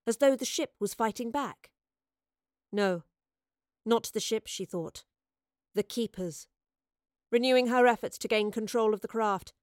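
A woman narrating an audiobook in a measured, expressive reading. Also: on the high side, no room sound, studio quality. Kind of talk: scripted story narration.

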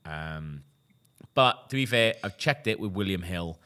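A man co-hosting a comedic chat, talking in a mock-serious deadpan way with lots of ums. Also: low voice, unhurried. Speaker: podcast co-host.

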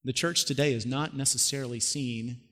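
A man's voice: mid-range voice, fairly even intonation, fairly quick, a bit bright. Preacher man in a reverberant hall. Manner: storytelling preacher, conversational with rhetorical questions. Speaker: pastor. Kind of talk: sermon.

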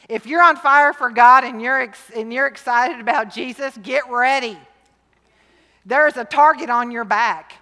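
High, bright middle-aged woman preaching. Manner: lively, jokey and emphatic, swinging from loud to hushed. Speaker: women's conference speaker. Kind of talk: sermon. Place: large church hall. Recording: long hall reverb.

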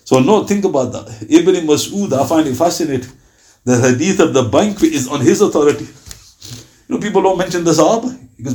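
A man's voice: on the high side, lively intonation, a little fast, a little mellow. A man teaching an Islamic lesson, emphatic and full of rhetorical questions, dropping Arabic phrases into his English. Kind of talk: religious lecture.

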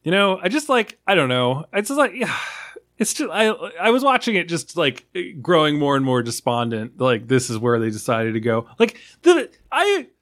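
A man's voice: fairly high pitch, wildly swooping pitch, normal speed, fairly bright tone. A man on a film podcast who rants in a casual, rambling way with frequent swearing.

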